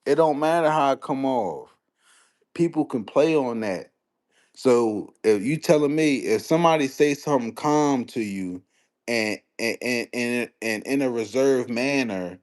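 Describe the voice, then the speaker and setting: Young male streamer, mid-pitched voice, slangy and animated, reacting to chat. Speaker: live streamer. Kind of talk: casual livestream sports commentary.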